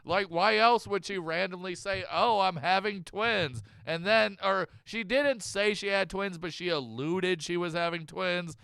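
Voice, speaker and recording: A man hosting a casual show recap, joking loudly and laughing often. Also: sits high, moderate pace, vocal fry, few pauses, clean tone, no room sound, studio quality. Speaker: host.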